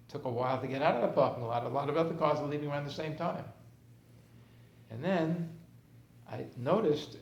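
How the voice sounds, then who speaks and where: A man, a therapist, giving a conversational storytelling talk to a group. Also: medium pitch. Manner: anecdotal, conversational, acts out scenes. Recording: roomy room with faint background noise.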